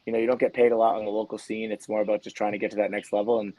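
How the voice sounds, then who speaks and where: A man's voice: on the low side, level tone, mellow, no room sound, low-quality recording. A man from New England, a coach guest on a casual podcast, talking with many restarts. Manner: fast, rambling, many restarts.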